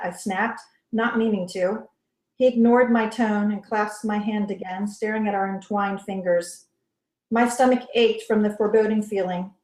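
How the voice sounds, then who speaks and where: A woman author reading her first-person novel aloud in soft, measured narration. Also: medium pitch, steady tone. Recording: roomy echo.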